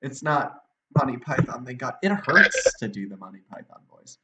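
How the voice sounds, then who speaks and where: A man's voice: mid-range voice, sing-song, moderate pace, echoey room, heavy background noise. A man casually explaining tabletop game rules as a dungeon master, laughing often. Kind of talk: casual chat.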